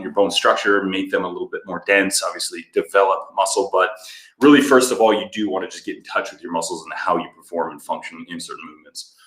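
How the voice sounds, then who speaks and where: A man's voice: sits low, a bit bright, echoey room. A man co-hosting a fitness channel, casually answering viewer comments and explaining exercises with lots of fillers. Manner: easygoing, explanatory, many fillers.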